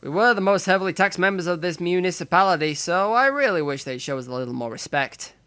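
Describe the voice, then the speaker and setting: A man reads a visual novel's text aloud for his stream, giving the lines a dramatic delivery. His voice sits a little high and sounds bright and forceful. He keeps breaking off for joking, profane asides. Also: lively intonation, fast talker, clear, resonant tone.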